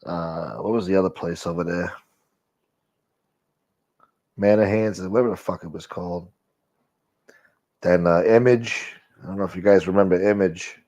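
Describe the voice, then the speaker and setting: Livestream host: low-pitched New man, rambling and foul-mouthed, on dull lo-fi audio. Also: fairly even intonation, moderate pace, pauses often, darkish tone. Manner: profane, rambling, reacting to viewer comments. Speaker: live stream host reading chat. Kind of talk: casual chat.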